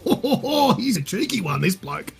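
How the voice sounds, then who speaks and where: A man doing a cheeky, rambling Aussie larrikin, gravelly, husky, a bit high. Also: sing-song, measured pace, faint music behind, exaggerated voice. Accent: Australian. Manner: cheeky, rambling, swears freely. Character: crude boastful middle-aged Australian bloke. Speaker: podcast guest character. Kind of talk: improvised comedy character.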